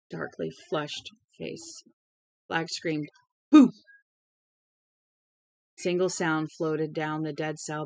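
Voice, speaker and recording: A woman's voice: low voice, no echo, poor audio. A woman reading a novel aloud steadily, with small slips and restarts now and then. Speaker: audiobook reader.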